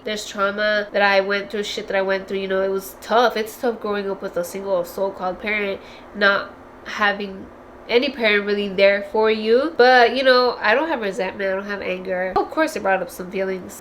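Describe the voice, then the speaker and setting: A woman's voice: medium pitch, a little hiss or hum. A woman talking to her viewers in a casual book review, candid and emotional, swearing freely, repeating words for emphasis and close to tears. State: tearful, close to crying. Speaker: book vlogger.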